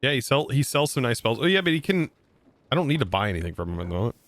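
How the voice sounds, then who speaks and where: A man's voice: medium pitch, very animated, very fast, dry recording. A man livestreaming a game, chatting casually to his viewers as he narrates each move he makes. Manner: chatty, narrates his moves and talks to chat. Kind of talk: live gameplay commentary.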